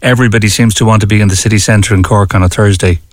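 A man's voice: lowish voice, steady tone, racing, no room sound. An Irish man hosting a chatty radio segment, telling stories with an easy manner. The recording is dry and close, with little room sound. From Ireland. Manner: chatty, tells anecdotes with easy laughs. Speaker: radio host. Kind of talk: casual radio chat.

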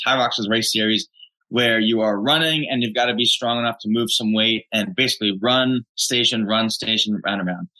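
A man's voice: mid-range voice, pushed and bright, low-quality recording. A young man from New Jersey, a gym owner telling stories loosely in an interview, with lots of "like" and "dude" fillers. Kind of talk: casual interview chat.

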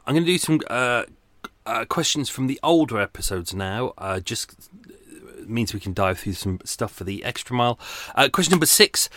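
A man's voice: medium pitch, a bit bright, no room sound. A man hosting his own podcast, chatting loosely with lots of fillers, casual swearing and self-deprecating asides, flagging in the heat. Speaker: true crime podcast host. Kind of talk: casual solo podcast monologue.

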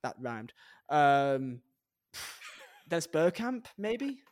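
A man's voice: fairly high pitch, very animated, drawn-out words. A man chatting casually on a podcast, amused and laid-back. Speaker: podcast panelist, neutral in the debate. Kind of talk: casual chat.

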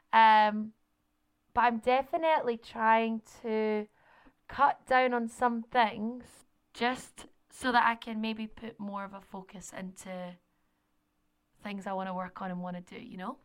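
A woman's voice: a little high, fairly bright tone, clean tone. Just-woken woman, chatty. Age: 20s. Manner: chatty, laughs often. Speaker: podcast co-host. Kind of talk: casual chat.

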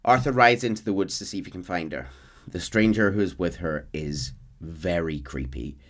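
A man hosting a podcast, casually recapping a game's story in a chatty, animated way. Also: low-pitched, normal speed. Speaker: podcast host narrating a game story.

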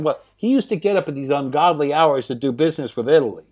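A man in his sixties tells his stories in an animated, profane way and breaks off to laugh often. His voice sits a little high for a man and swings widely in pitch. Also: fast. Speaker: guest. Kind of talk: anecdotal interview storytelling. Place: at home.

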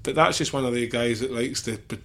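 A man's voice: medium pitch, fairly quick, very noisy. A Scottish man, a former footballer, co-hosting a podcast, teasing his friends in casual banter.

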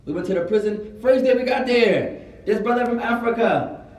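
A man's voice: extremely high pitch, normal speed, a little mellow. A man teaching an informal class, telling stories and switching between Arabic and English. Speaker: Arabic and Islamic studies teacher. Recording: echoey classroom from far off.

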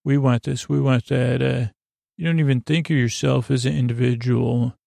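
A man voicing an earnest male engineer in a sleep story, explaining things with patient exasperation in his own gravelly voice. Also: mid-range voice, steady tone, moderate pace, mellow, no room sound, studio quality. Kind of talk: loose paraphrased quotes in a sleep story.

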